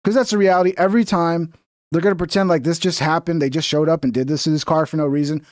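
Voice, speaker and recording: A man's voice: a little high, steady tone, fast, no room sound, studio quality. A man streaming casual commentary on clips, blunt, profane and mocking as he rants.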